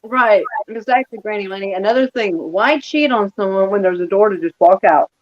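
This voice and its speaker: An opinionated man chatting casually and sharing anecdotes. His voice sits high for a man. The recording sounds muffled and lo-fi. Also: fairly quick. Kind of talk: casual chat. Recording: dull lo-fi sound.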